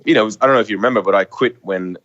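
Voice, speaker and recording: A man with a low voice talks quickly as an interview guest, candid and often tripping over his words. He sounds middle-aged. The audio is somewhat dull and lo-fi. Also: a bit bright. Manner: fast, stumbling, candid. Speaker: guest, company founder. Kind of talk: casual interview.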